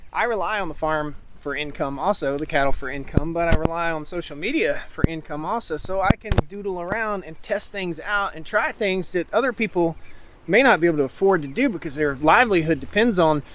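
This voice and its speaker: A man gives an enthusiastic, explanatory tour of his farm outdoors in the rain. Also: a little high. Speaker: farmer. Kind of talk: casual farm tour chat. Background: rain and outdoor noise.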